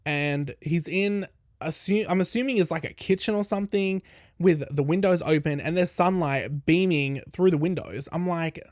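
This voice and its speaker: A man's voice: on the high side, normal speed, no room sound, clean studio sound. A young man hosting a podcast, telling a candid, sweary storytime and acting out both sides of a conversation. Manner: candid, swearing, animated retelling with quoted dialogue. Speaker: podcast host. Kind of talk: casual storytime.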